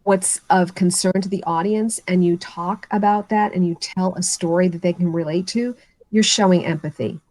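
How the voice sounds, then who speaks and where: A woman speaking as a speech-coach guest on a video call, confident and clear, and animated when she tells a story. Her pitch is middle of the range. The sound is dry and close. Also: normal speed, no echo. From United States. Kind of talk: casual video interview.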